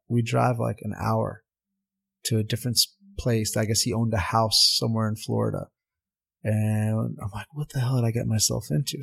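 A man, a former pro soccer player and now assistant coach, telling stories in a casual interview, animated and acting out the people he quotes. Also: medium pitch, vocal fry, slightly rough. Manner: animated, laughs at his own story, acts out quotes. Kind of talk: casual storytelling in a podcast interview.

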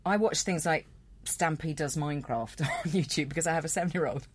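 A woman's voice: deep voice, fairly quick, husky. A middle-aged woman, an actress guesting on a podcast, chatting and laughing often. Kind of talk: casual chat.

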